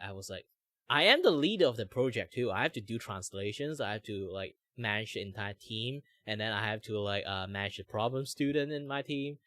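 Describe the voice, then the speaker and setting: Junger Mann mit malaysischem Akzent, heller Klang. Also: male voice, fairly low pitch, no echo, clean studio sound. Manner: rambling, many "like" fillers, animated impressions. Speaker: streamer host. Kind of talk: casual chat while drawing.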